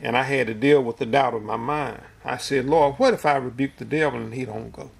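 A man's voice: mid-range voice, brisk, creaky, slightly rough. A man preaching a sermon in a folksy, storytelling way, with homespun asides.

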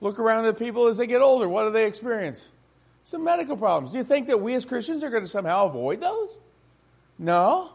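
A man's voice: high-pitched, big pitch swings, quick pace, darkish tone, breathy edge. A man preaching a sermon to a congregation in church, emphatic and full of rhetorical questions.

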